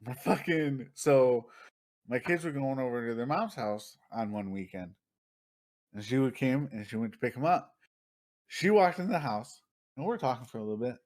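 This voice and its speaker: Animated, swearing storyteller man. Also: mid-range voice, normal speed. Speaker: podcast co-host. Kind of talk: casual chat.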